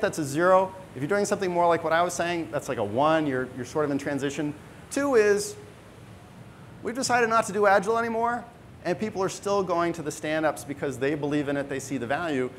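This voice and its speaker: Male conference speaker, fairly high pitch, emphatic, faint background rumble. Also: fairly bright tone. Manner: emphatic, punctuates points with "right?". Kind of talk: conference talk. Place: conference hall.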